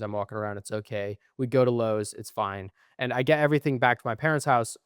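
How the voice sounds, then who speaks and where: A tired young man co-hosting a podcast, telling long, profane, rambling stories and trailing off quietly at the ends of phrases. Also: medium pitch, clean tone, no echo, clean studio sound. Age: young adult. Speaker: podcast co-host. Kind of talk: casual chat.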